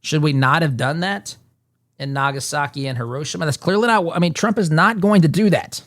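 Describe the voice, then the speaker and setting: Male talk host, fairly high voice, insistent and repetitive, dry close sound. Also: a little fast, fairly bright tone, no room sound. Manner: emphatic, repeats words while building a point. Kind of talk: political commentary monologue.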